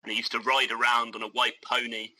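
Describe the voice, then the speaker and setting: A man's voice: mid-range voice, little pitch movement, quick pace, sharp tone, a little hiss or hum, rough recording. A man co-hosting a casual history podcast, explaining events with enthusiasm. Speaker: podcast co-host.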